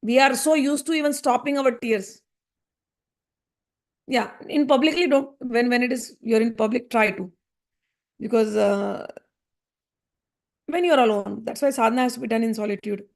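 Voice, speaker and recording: Woman, high voice, spiritual teacher, earnest, gently repetitive. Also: normal speed, gravelly, long pauses. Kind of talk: spiritual discourse.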